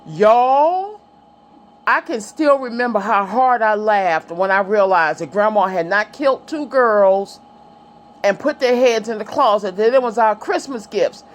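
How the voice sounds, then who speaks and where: A middle-aged woman with a mid-range, expressive voice vlogs in a chatty, slightly slow way. She reminisces and tells stories, laughing often as she talks to her viewers and to a child.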